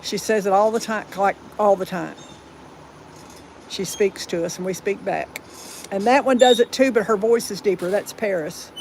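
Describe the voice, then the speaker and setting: A woman's voice: medium pitch, a little hiss or hum, rough recording. A woman with a Southern US accent hosting a casual livestream, chatty and rambling but firm about rude viewers. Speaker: livestream host. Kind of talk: casual live chat.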